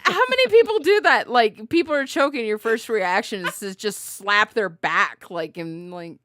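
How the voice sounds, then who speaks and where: A woman co-hosting a podcast in casual chat, telling animated stories, acting out quotes and laughing often. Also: mid-range voice, moderate pace, no room sound, studio quality. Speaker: podcast co-host.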